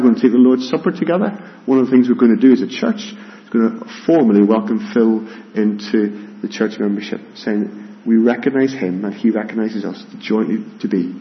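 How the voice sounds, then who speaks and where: A man's voice: lowish voice, muffled recording, a little hiss or hum. A man preaching a sermon as pastor, earnest, often repeating words as he starts a phrase. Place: church, with rain heard outside.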